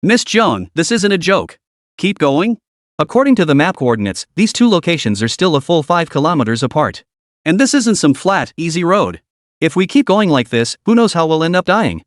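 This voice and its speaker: A man plays a heated, distrustful laborer in a storybook drama, with a raised voice and a combative, bitter way of speaking. His pitch swings widely, and the recording is close and dry. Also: big pitch swings, moderate pace, no room sound. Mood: agitated. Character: agitated distrustful male laborer.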